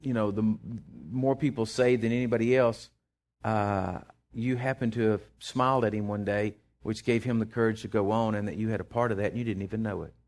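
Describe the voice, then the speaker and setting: A middle-aged man, preaching a sermon in a folksy, animated way with lots of restarts. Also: fairly low pitch, a little fast. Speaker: pastor.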